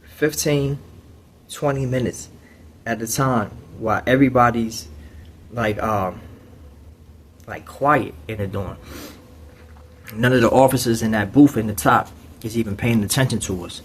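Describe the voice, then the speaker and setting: A man's voice: medium pitch, moderate pace, slightly rough. A man telling a story in casual, streetwise slang, with frequent conversational asides.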